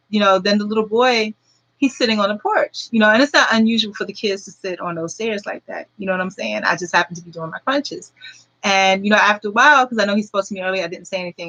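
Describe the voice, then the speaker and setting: Woman in her forties, bright clear voice, earnest rambling vlog talk, lots of fillers. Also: medium pitch, rough recording. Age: 40s. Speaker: vlogger. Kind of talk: casual storytelling to viewers.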